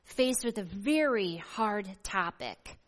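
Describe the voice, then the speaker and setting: A woman pastor preaching a sermon and reading scripture aloud in a measured, emphatic way, slowing down to stress key words. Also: medium pitch, animated. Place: church sanctuary. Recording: long reverb of a church hall.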